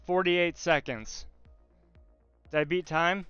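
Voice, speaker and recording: A man with a very smooth, crisp voice talks with his viewers in a slow, unhurried way, joking with the chat from his workshop. The sound is a little dull and dry, with faint music behind him. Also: on the high side, a bit bright, no room sound. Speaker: livestreamer talking to chat. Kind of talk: casual live-stream chat. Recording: slightly dull stream audio, faint music.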